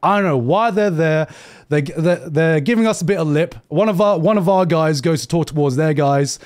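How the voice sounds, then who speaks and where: A man's voice: on the high side, moderate pace, a little mellow. A man from the United Kingdom, streaming and telling rambling, profanity-laced stories. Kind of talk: casual stream commentary.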